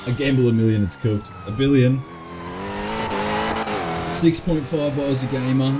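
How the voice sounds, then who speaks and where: A man's voice: medium pitch, takes it slowly, long pauses, noisy background. A man, playing a police officer in a game roleplay, joking and swearing casually.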